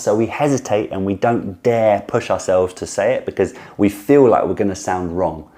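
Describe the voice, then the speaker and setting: Mellow-voiced man teaching pronunciation drills. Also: deep voice. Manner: demonstrates sounds slowly and repeats them, encouraging. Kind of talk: casual video lesson with drills.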